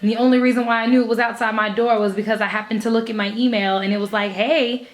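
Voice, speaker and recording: A woman's voice: a little high, level tone, rapid-fire. A young woman vlogging casually from her bedroom, chatty, swearing freely and laughing between thoughts. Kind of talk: casual vlog.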